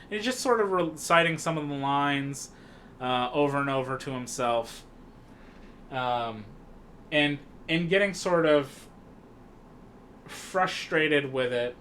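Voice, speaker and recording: This podcast co-host, a man with a medium-pitched voice, takes it slowly as he casually retells a film scene by scene. He's relaxed and rambling, restarting often and using plenty of fillers, over a faint hiss or hum.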